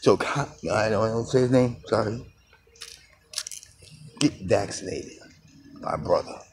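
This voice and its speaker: A man's voice: lowish voice, lively intonation, a little slow, vocal fry. A man vlogging on a phone while walking outdoors through his neighborhood, rambling loosely and greeting people he passes. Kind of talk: rambling walk-and-talk monologue. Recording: noisy outdoor phone recording.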